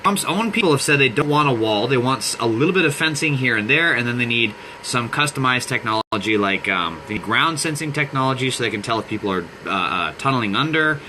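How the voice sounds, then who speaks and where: A man's voice: mid-range voice, lively intonation, a little fast, few pauses, sharp tone. Casual male streamer, mid-range voice, profane and rambling, phone mic with light background hum. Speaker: livestream host. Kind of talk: casual livestream chat. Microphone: phone held in hand.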